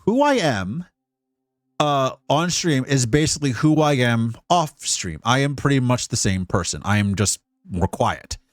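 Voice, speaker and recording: A male VTuber rambles through casual stream commentary, swearing freely and getting worked up as he talks. His voice sits at an ordinary middle pitch. The sound is close and dry, with no room in it. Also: measured pace, no room sound. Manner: rambling and profane; emotionally animated on stream.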